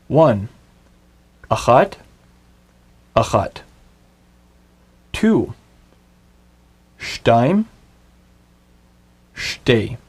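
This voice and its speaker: Slow, patient male Hebrew teacher. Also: medium pitch, darkish tone. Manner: slow, patient drilling of words. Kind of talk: video language lesson.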